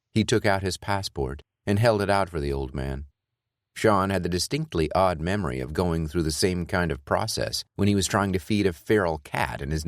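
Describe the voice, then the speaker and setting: Deep-voiced male audiobook narrator. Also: no echo, clean studio sound. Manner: measured, even reading. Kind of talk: scripted narration.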